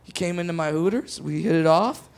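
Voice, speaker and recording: A man's voice: on the high side, brisk, gravelly. A man voicing a brash, unashamed young waitress who talks bluntly and plainly in a stand-up story. The recording is noisy. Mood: hushed. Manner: blunt and matter-of-fact.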